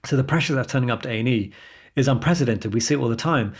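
Fast-talking man telling stories. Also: mid-range voice, breathy edge. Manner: animated storyteller, laughs often. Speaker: radiologist. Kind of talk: casual podcast chat.

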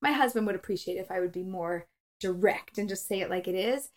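A middle-aged woman co-hosting a casual podcast as a matchmaker, chatty and quick to laugh, acting out quotes as she talks. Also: mid-range voice.

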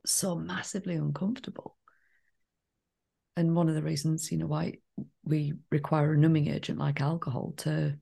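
A woman co-hosting a casual podcast, reflective and prone to tangents, animated when telling stories. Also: deep voice, vocal fry, breathy edge. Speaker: podcast co-host.

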